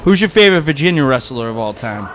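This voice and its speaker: A man's voice: mid-range voice, big pitch swings, quick pace. A man hosting a podcast in casual chat, crude and joking, swearing a lot. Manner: crude, joking, heavy swearing, frequent laughs. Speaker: podcast host.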